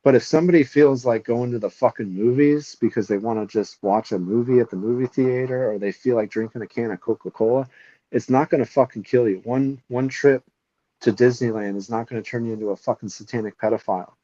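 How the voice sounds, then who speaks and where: Guy on a podcast ranting w lots of cursing, mid pitch, dry dullish audio. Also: a little fast, mellow, no echo, muffled recording. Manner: opinionated, profane ranting. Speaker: podcast co-host. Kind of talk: casual podcast chat.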